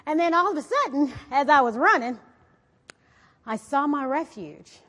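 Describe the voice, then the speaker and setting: A woman with a high voice gives an animated inspirational talk from a stage, checking in with her listeners as she tells her story. Her voice rings out with the long reverb of a big hall. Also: normal speed. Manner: animated, often asks the audience "right?". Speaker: motivational speaker. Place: on a stage before an audience.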